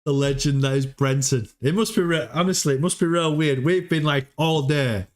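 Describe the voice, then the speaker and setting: A man's voice: fairly high pitch, normal speed. A man hosting a casual livestream, chatty, often repeating words and laughing as he talks. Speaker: livestream host.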